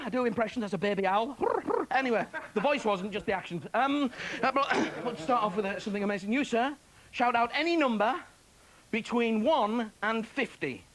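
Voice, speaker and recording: High-voiced self-mocking male comic magician. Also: a little fast. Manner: self-mocking, chatty, chuckling at his own jokes. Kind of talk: stand-up comedy act. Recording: hissy 1990s TV broadcast.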